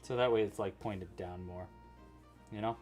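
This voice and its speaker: A man's voice: fairly low pitch, fairly even intonation, normal speed, a little mellow, soft background music. A man hosting a casual crochet-along livestream, chatty and thinking aloud as he works.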